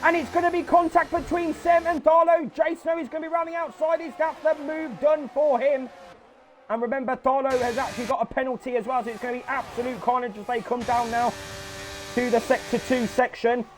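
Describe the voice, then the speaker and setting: Young man, very high voice, frantic sweary race commentary, faint background hum. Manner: sweary, frantic, shouting at crashes. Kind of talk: excitable sim racing commentary.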